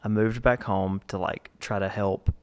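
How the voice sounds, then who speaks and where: This thirty-something guest, speaking in a lowish, clean voice with fairly even intonation, takes his time recounting tales from former jobs. It's a casual chat, and he acts out the people in his laid-back stories.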